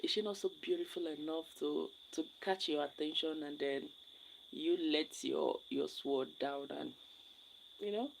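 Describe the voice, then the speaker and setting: Nigerian lady live streaming, low gravelly voice, rambles and repeats herself, crickets faint behind. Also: measured pace, a little hiss or hum, rough recording. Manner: rambling, repeats her words. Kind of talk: casual chat with viewers.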